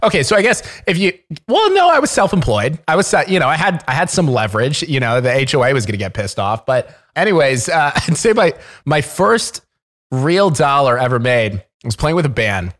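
A man's voice: mid-range voice, very animated, fairly quick, fairly bright tone. A man in his twenties co-hosting a podcast, joking and bantering playfully with a swaggering tone. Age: 20s. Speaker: podcast co-host. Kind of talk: casual podcast chat.

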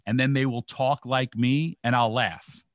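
A man's voice: medium pitch, steady tone, measured pace, no room sound, studio quality. A man hosting a radio talk show, talking in an emphatic, rambling way.

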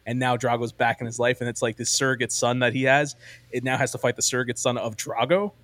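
Rambling, excited man in dry sound. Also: medium pitch, fast, no room sound. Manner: enthusiastic, rambling, heavy use of "like" and "um". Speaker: podcast host. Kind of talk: casual movie-ranking chat.

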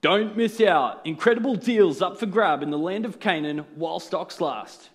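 A man putting on a loud newsreader voice. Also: high voice, normal speed, natural voice. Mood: announcing. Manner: loud, announcing headline delivery. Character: punchy male TV newsreader announcing headlines.

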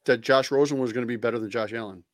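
A man's voice: medium pitch, fairly even intonation, rapid-fire, dry recording, clean studio sound. A man co-hosting a casual sports podcast, blunt and emphatic, with some swearing. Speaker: podcast co-host.

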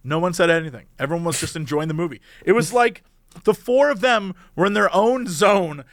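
A man's voice: sits high, a little fast, no echo, clean studio sound. A man co-hosting a podcast in casual chat, telling stories with lots of energy and slipping into impressions. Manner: animated storyteller who slips into voices. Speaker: podcast co-host.

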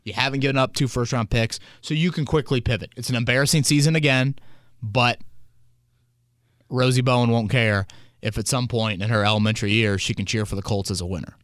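A man's voice: medium pitch, brisk, fairly bright tone, no echo. A man hosting a sports podcast in a casual, rambling way, spinning hypotheticals. He is recorded on a close, dry mic. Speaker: podcast host.

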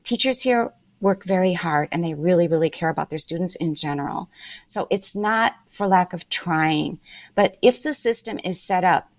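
A middle-aged woman giving measured, emphatic interview answers and laying out her points in order as a language-learning guest. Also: lowish voice, no echo.

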